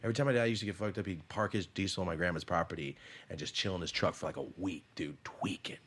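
A man's voice: deep voice, quick pace, a bit bright, slight background noise. A man in his thirties telling a personal story in a casual chat, blunt and full of swearing. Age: 30s. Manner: profane, blunt, emotional storytelling. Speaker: podcast host.

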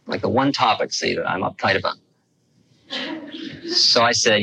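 A man's voice: fairly low pitch, moderate pace, creaky, pauses often, pushed and bright, poor audio. A man telling a personal story in a conversational, self-mocking way, with restarts and asides. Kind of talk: storytelling talk.

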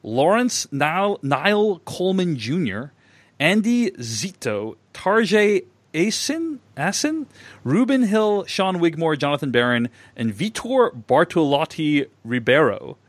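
A man's voice: on the high side, very animated, measured pace, dry recording. A man hosting a casual film podcast, thanking donors and reading listener messages aloud. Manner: reads listener messages aloud, laughing easily. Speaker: podcast host.

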